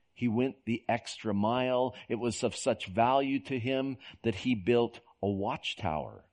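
A man's voice: mid-range voice, darkish tone. A middle-aged man from Oklahoma preaching a sermon in a folksy storytelling manner, often repeating words as he goes. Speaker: pastor.

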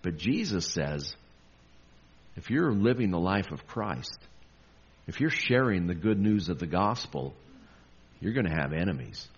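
A man's voice: sits low, very animated, measured pace, pauses often, slightly rough. A man preaching a sermon, with emphatic rises on the verses he quotes. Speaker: pastor. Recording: dull lo-fi recording.

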